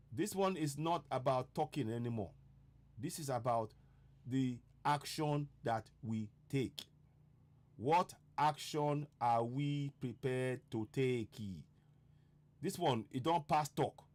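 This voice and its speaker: A man's voice: mid-range voice, darkish tone. Urgent man broadcasting. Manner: urgent, repeats rhetorical questions. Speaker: online broadcaster. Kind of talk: impassioned political broadcast.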